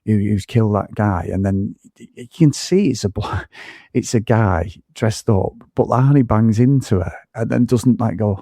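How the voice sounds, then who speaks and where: A podcast co-host with a low, gravelly voice and a dark, mellow tone. He rambles excitedly and swears freely, restarting his sentences as he talks about the film. The sound is dry and close. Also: normal speed, dry recording. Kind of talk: casual film review chat.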